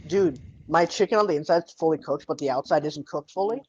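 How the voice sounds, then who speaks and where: A man's voice: a little high, fast talker, breathy edge, no room sound. A young man co-hosting a podcast in casual chat, joking and swearing casually as he eats. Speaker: podcast co-host. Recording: dull lo-fi sound.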